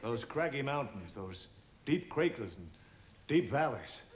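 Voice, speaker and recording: A man's voice: mid-range voice, very animated, measured pace. A man in a stage comedy sketch, making dry, cheeky wisecracks as a science officer. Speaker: comic actor playing a science officer. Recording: echoey studio with background noise.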